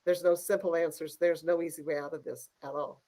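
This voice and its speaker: A school district leader speaking at a virtual board meeting in a measured, hesitant way with many fillers, over a video call. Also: mid-range voice, fairly even intonation, mellow, low-quality recording.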